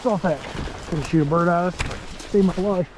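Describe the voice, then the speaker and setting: A man's voice: high voice, normal speed, background noise. Man coaxing his dogs in the woods. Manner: coaxing, calling out commands to dogs. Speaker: hunter filming his hunt. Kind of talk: casual talk to his hunting dogs. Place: outdoors in thick woods.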